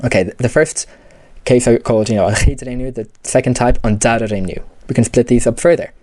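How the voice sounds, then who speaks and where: A man's voice: medium pitch, a little fast, darkish tone, no echo. A man explaining grammar step by step in a patient lesson, often saying "you know" and "okay". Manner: patient, repeats key terms, many fillers like "you know" and "okay". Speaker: language teacher.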